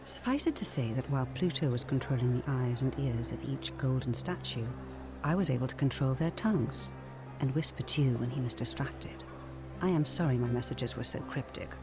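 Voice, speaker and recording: A woman voicing a gracious former goddess in a video game, speaking in a measured, formal way with a mysterious softness. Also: extremely low pitch, animated. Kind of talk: game voice acting. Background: game music.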